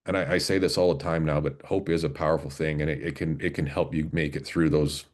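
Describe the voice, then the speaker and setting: A man in his forties, a podcast guest and former police officer, telling his story in an earnest, halting way with many restarts. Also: extremely low pitch, fairly even intonation. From Canada, Alberta. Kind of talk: casual storytelling interview.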